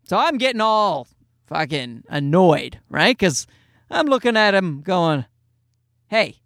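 A man's voice: high-pitched, very animated, measured pace, creaky, fairly bright tone, no echo, studio quality. A male podcast host and stand-up comedian telling a rambling, profane, self-deprecating comic story.

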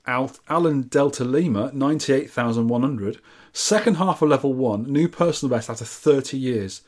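A man's voice: medium pitch, moderate pace, darkish tone. Joking man reading out scores. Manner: jokey, banter-filled. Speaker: podcast co-host. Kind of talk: casual chat reading listener scores.

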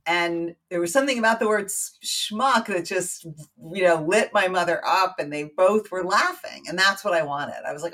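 Chatty comedian woman telling a story. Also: lowish voice. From New York, United States. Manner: lively, self-deprecating, quick asides and laughs. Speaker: guest, comedian. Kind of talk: casual storytelling interview.

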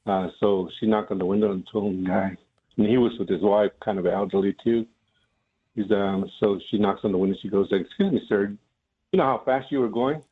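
A man's voice: lowish voice, fairly quick, slightly rough. A man, a comedian guest, telling stories on a call-in show with plenty of hesitant ums. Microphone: telephone. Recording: phone line.

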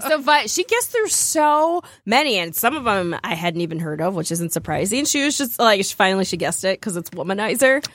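A woman chatting casually as a co-host, a giggly, animated storyteller who often breaks into bits of song. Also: medium pitch, fairly quick, hardly any pauses, no room sound. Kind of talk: casual chat.

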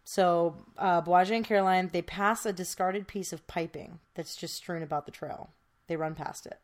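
A woman's voice: fairly low pitch, fairly even intonation, normal speed. A woman podcast host telling a true crime case in casual, chatty storytelling, with many fillers.

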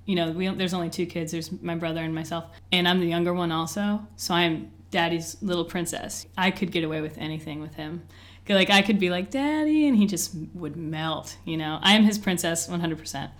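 A woman's voice: fairly low pitch, steady tone, brisk, few pauses. Chatty young woman telling her story. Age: 20s. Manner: chatty, lots of "like" and "you know", laughs often. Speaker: interview guest. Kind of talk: candid personal storytelling.

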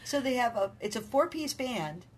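A woman's voice: a little high, lively intonation, normal speed, slightly rough. Woman podcast co-host, casual storyteller, filler-heavy chat. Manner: chatty, storytelling, lots of "like".

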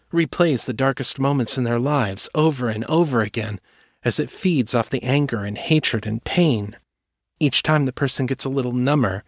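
A man reading aloud and voicing a calm, firm young woman telepath who explains and reassures steadily. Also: medium pitch, no echo, clean studio sound, pitched above the performer's own voice, close to an everyday voice.

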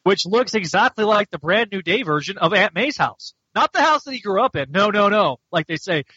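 Bright-voiced man mocking a comic. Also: high voice, husky, no room sound, muffled recording. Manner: animated, mocking, does quick voices for characters. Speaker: podcast host. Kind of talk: casual comic book review chat.

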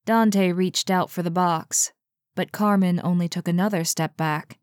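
A woman narrating a story aloud in a slow, deliberate way. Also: medium pitch, no echo, studio quality.

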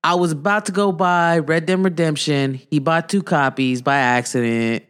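Male podcast host, slightly high voice, rambling and jokey, trips over his words. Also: normal speed, a bit bright, clear, resonant tone. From Iran. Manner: rambling, joking, fumbling for words. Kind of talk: casual chat.

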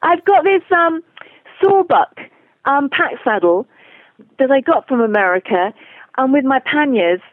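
English woman guest on a call, kinda high voice, tinny phone sound, super animated storyteller. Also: unhurried, long pauses, dry recording. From England. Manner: animated storyteller who acts out quoted voices. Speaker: guest, author and long-distance horse rider. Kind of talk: casual storytelling interview.

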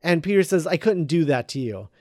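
Man, casual podcast chat, slightly high voice, dry close mic, rambling recap delivery. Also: fairly quick, dry recording. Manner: rambling with many fillers, quoting characters in a flat relaying voice. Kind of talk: casual chat, retelling a script.

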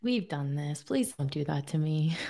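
Low-voiced woman co-host with dry humor. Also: lively intonation, moderate pace, gravelly, mellow. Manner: dry, laughs often. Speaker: radio co-host, financial educator. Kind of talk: casual studio banter.

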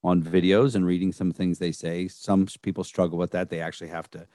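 A man hosting a casual podcast, introducing his guest. He speaks in a very deep, dry voice, relaxed and full of fillers. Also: fairly quick, no room sound. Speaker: podcast host.

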